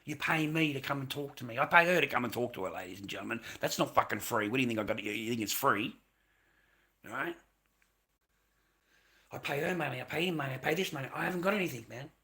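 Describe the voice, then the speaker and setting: Bright-voiced man ranting on a livestream. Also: mid-range voice, quick pace. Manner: rambling, profane, venting frustration. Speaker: livestream host. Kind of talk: unscripted livestream rant.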